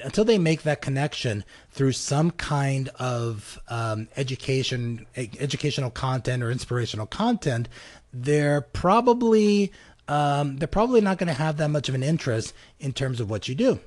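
A man's voice: mid-range voice, darkish tone. A man hosting a podcast, talking casually with many fillers and acting out short dialogues as examples. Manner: conversational, many fillers, acts out little dialogues. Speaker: podcast host. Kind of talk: casual advice talk. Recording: live program.

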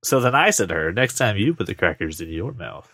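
A man hosts a podcast in a playful, jokey way. His pitch swings widely and his voice has a bright edge. The sound is dry and close. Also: brisk, dry recording. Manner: playful, jokey, lively delivery. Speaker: podcast host. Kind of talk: casual chat.

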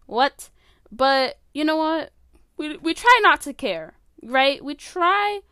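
A woman's voice: sits high, big pitch swings, slow, bright, forceful tone, dry recording, studio quality. A woman in her late teens hosting her own podcast from her bedroom, chatting casually in a rambling way full of "like" and "um", often stopping herself mid-sentence. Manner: rambling, filler-heavy, self-interrupting. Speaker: podcast host. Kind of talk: casual solo podcast chat. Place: bedroom at home. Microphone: phone.

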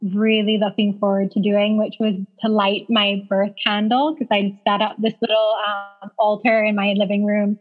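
A woman in her thirties telling a personal story as an interview guest, chatty, using lots of "like" fillers and laughing often. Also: mid-range voice. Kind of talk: casual storytelling. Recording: dull lo-fi sound.

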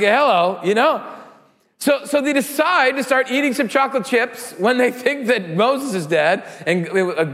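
A man in his thirties, a pastor giving a sermon, telling stories in an animated way with loud excited peaks. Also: high voice, long reverb tail.

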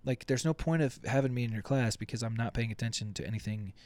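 A young man hosting a casual solo podcast, rambling and swearing, acting out quick quotes with jokey asides. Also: medium pitch, a little mellow, dry recording. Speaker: podcast host.

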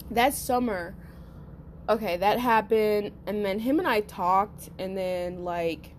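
A woman hosting a podcast, telling a personal story in a casual, profane, animated way and talking straight to her listeners. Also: medium pitch, slow, slight background noise. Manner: profane, animated, acts out quotes; addresses listeners as y'all. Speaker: podcast host.

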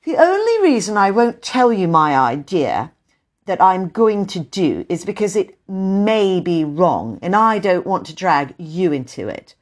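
A woman's voice: on the low side, sing-song, measured pace. A woman voicing a proud, secretive boy who talks loftily to his sisters. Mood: lofty. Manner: lofty and self-important.

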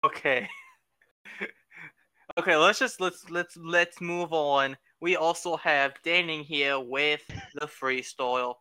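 A man's voice: a little high, fairly even intonation, takes it slowly, bright, forceful tone, smooth, no room sound. A young man hosting a casual podcast with friends, teasing and often breaking into laughter. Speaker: podcast host. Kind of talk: casual chat.

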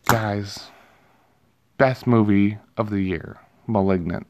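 A man's voice: fairly low pitch, takes it slowly, slight background noise. Guy ranting about a movie he loved, swears a lot, laughs at himself. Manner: rambling, profane, laughs at himself. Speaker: movie reviewer. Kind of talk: casual movie review vlog.

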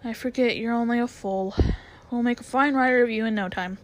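A woman voicing a proud, bossy male talking war horse in a storybook read-aloud, brisk and commanding. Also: fairly high pitch, close to an everyday voice. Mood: scheming.

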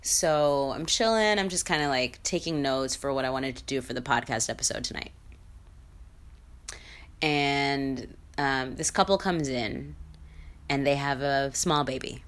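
A woman's voice: extremely low pitch, a little slow, a bit bright. A woman hosting her own podcast, telling a story in a chatty, blunt way and swearing freely. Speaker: podcast host. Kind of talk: casual solo podcast storytelling.

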